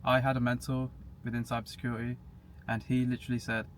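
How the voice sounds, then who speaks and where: Fast-talking and level in tone, this young adult man has a mid-range voice and chats casually as a podcast guest. He keeps things matter-of-fact, occasionally chuckling at his own expense, over faint background hiss.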